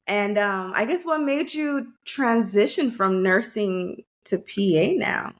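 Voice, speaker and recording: Woman, podcast host, conversational, sympathetic questions, medium pitch. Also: animated, takes it slowly. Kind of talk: interviewing a guest.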